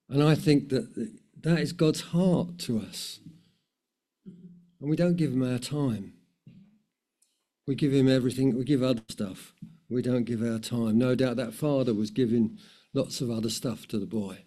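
A man's voice: medium pitch, normal speed, dark tone. A man preaching a sermon in a conversational way, with many fillers and repetitions.

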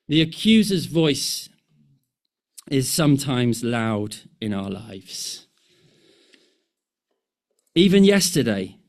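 A male preacher delivers a sermon in an unhurried, deliberate way. His voice sits high for a man. He speaks earnestly and presses his points with stacked, repeated phrases.

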